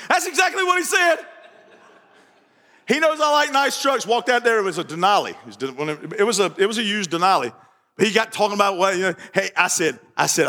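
A pastor preaches with a very high, bright, forceful voice. He tells stories animatedly, doubles back on his phrases and shouts out key lines. His voice rings through a church sanctuary with a long reverb tail. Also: fairly quick. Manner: animated storytelling, repeats phrases, shouts for emphasis. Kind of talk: sermon.

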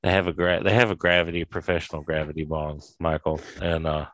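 A man's voice: extremely low pitch, fairly even intonation, a little fast, fairly bright tone, no echo. A man hosting a podcast, chatting casually in a laid-back, rambling way. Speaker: podcast host. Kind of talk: casual chat.

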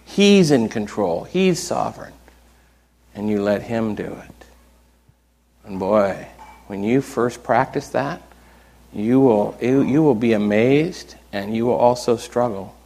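An older man preaching a sermon as a pastor, in a relaxed, conversational way with many asides. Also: medium pitch. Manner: conversational, animated storytelling with acted quotes.

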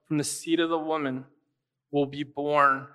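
A young adult man preaching as a pastor, telling a personal story in a relaxed, conversational way, often using fillers and asking "right?". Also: on the high side, unhurried, clear, resonant tone. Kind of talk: casual storytelling sermon.

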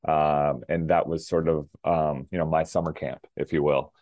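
A middle-aged man from Minnesota with a very deep, low voice tells the story of his tennis career as an interview guest. He talks in an easy, rambling way, full of fillers and restarts. The recording is dry and close, with no room sound. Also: level tone, normal speed, darkish tone, dry recording. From Minnesota, USA. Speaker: guest, former pro tennis player. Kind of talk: casual interview talk.

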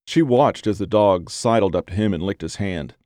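A man narrating a story in a steady, measured reading voice. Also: lowish voice, dry recording, studio quality.

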